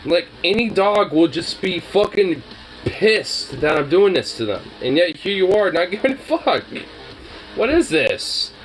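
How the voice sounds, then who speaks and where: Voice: medium pitch, big pitch swings, unhurried, soft background music, low-quality recording. Playful, wildly swooping voice talking to a dog. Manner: playful teasing baby talk with swearing and laughter. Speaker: dog owner vlogger. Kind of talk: casual talk to a pet dog.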